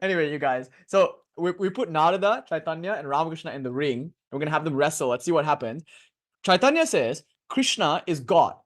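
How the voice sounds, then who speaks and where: A young man in his twenties lectures a class in a relaxed, joking way. His voice sits fairly high for a man, and he wanders into laughing asides before pulling back to the point. The delivery is lively and conversational. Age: 20s. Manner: lively, digressive, quick to laugh. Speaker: lecturer on bhakti philosophy.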